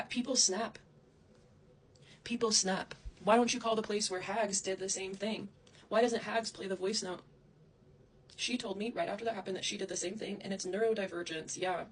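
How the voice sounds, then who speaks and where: A woman's voice: fairly low pitch, slight background noise. A woman delivering a heated, profane, accusatory vlog rant, speaking straight at the person she blames. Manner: heated, profane, accusatory, addresses someone directly. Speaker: vlogger. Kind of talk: angry direct-to-camera rant.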